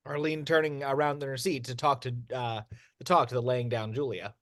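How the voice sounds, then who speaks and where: A man narrating screenplay action lines in an amateur audio drama, steady but with occasional stumbles and restarts. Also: medium pitch, brisk, no room sound, clean studio sound.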